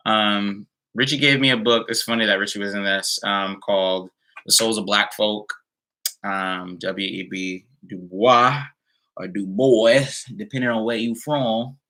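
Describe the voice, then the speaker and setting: A man's voice: lowish voice, fairly even intonation, moderate pace, bright, forceful tone. A man chatting casually on a live stream and answering viewer comments, rambling with many fillers and sounding a little tired. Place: indoors at home.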